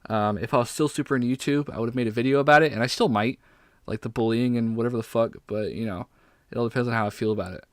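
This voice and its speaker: A man's voice: medium pitch, rapid-fire, no echo, clean studio sound. Sick man rambling on a podcast. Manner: rambling, profane, full of restarts. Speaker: podcast host. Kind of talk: casual solo podcast rant.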